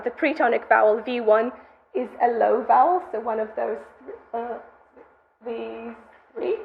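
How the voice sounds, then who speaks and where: Woman, young adult, graduate student, conference lecture, methodical, slightly raised pitch, dull muffled recording. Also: creaky. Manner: methodical, explanatory delivery. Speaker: graduate student presenting research.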